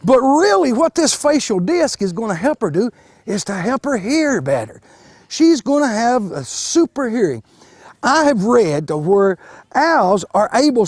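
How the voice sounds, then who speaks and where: A man, a wildlife educator giving a live demonstration to children, folksy and animated, restarting words with plenty of fillers. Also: very high voice, no room sound, studio quality. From Kentucky.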